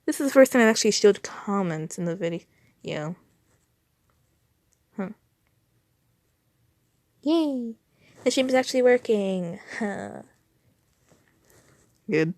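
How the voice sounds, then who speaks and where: A woman's voice: medium pitch, animated, takes it slowly, pauses often, darkish tone, no room sound, clean studio sound. A woman reacting to fanfiction she reads aloud, exasperated, sighing and swearing. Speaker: fanfiction reader.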